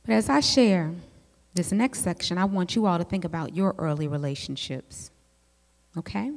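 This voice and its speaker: A woman, a psychologist giving a teaching talk to a group of women, telling lively personal stories and speaking straight to her listeners. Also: on the low side, moderate pace. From United States. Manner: lively storyteller who speaks straight to the audience. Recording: long hall reverb.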